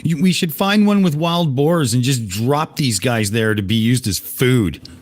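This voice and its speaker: Man, panelist, lively intonation, wry, joking. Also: medium pitch, unhurried. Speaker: podcast panelist. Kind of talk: casual panel chat.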